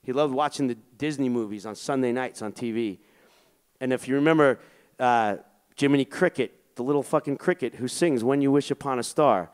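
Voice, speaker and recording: A man's voice: mid-range voice, fairly quick, clear, resonant tone. A man casually telling a long personal story as an interview guest, rambling with lots of fillers and swearing. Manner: profane, rambling, filler-heavy.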